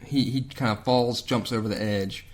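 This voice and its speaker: A man's voice: medium pitch, steady tone, moderate pace. A man co-hosting a podcast, casually adding plot details while a movie is recapped. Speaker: podcast co-host.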